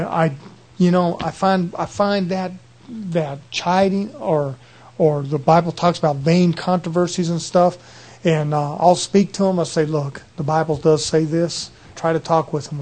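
A man's voice: fairly high pitch, darkish tone. A man preaching a conversational sermon, earnest and folksy, often repeating himself and restarting phrases.

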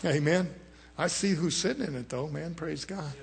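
Male preacher, husky voice sitting a bit high, surges loud then drops to a murmur, mimics the people he quotes. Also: fast talker. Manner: swings from loud rising exhortation to low murmured asides. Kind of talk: sermon.

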